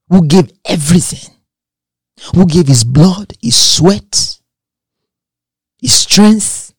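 An emphatic sermon comes from a man whose slightly high voice has a husky grain; he reads scripture aloud and layers repeated phrases. The recording is dry and close, with little sense of the room.

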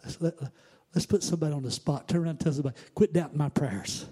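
A man preaching a sermon, moving from quiet, conversational asides to shouted, sing-song exhortation. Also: on the high side, quick pace, husky. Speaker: pastor.

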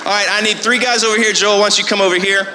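A man leading a church crowd game, loud and excited, calling out to the crowd. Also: high-pitched, racing. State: out of breath. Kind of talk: energetic stage hosting. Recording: echoey hall with faint music.

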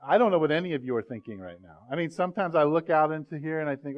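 A man preaching a sermon in a church, speaking a little high for a man. He keeps the talk loose and joking, with asides to the congregation. The recording sounds dull and muffled. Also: expressive, very fast, hardly any pauses. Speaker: pastor. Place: church sanctuary.

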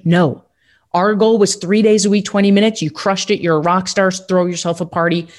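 A woman's voice: mid-range voice, fairly even intonation, normal speed, darkish tone. A woman hosting a motivational podcast, talking in an upbeat, emphatic coaching tone. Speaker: podcast host.

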